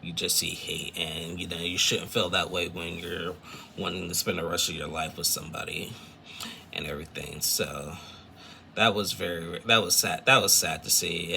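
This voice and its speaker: A man's voice: sits low, gravelly, bright, forceful tone, slight background noise. A man casually recapping a reality show episode, rambling with lots of fillers and retold quotes. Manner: rambling, filler-heavy, retells scenes with quotes.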